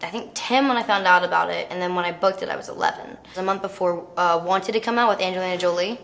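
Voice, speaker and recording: A teenage girl telling stories casually in an interview, chatty and animated, with plenty of filler words. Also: lowish voice, fast. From United States. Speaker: actress interviewee.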